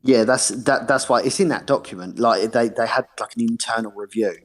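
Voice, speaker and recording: A man's voice: medium pitch, fairly quick, fairly bright tone. A man with a British accent, a guest on a live stream, chatting casually and explaining his points at length with jokes. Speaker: guest commentator.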